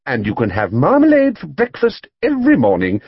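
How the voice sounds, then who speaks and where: A man doing a kind middle-aged mother in a storybook, eager and pleading but firm when it matters. The voice sits well above his own, husky and very lively. The recording is dull and dry. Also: a little high, a little fast, no room sound, pitched above the performer's own voice, full character voice. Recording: dull, dry studio audiobook read.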